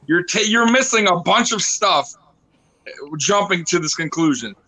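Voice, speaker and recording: A man's voice: sits high, expressive, normal speed, sharp tone, poor audio. A middle-aged man, a former football player, arguing his football takes emphatically as a podcast guest. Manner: emphatic, argumentative. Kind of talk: casual sports banter.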